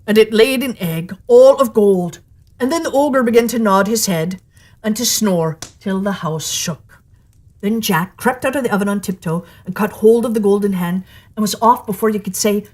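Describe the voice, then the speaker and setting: A woman storyteller reading a fairy tale aloud with lively, expressive delivery. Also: medium pitch, normal speed.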